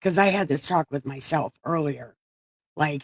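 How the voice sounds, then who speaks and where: A woman hosting a casual Bible reading livestream, candid and profane, getting emotional and close to tears as her voice swings between loud outbursts and quiet moments. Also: low-pitched, normal speed, no room sound.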